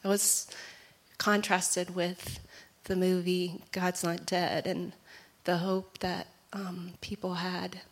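A woman with a slightly low voice, speaking up in a church gathering. She rambles in a chatty, informal way. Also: flat delivery, slow pace. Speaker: congregation member.

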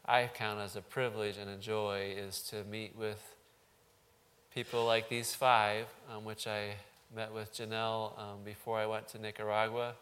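A man, a pastor, speaking haltingly to his congregation and leading a prayer. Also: lowish voice, flat delivery, a bit bright. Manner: halting, with frequent ums. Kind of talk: church service address and prayer.

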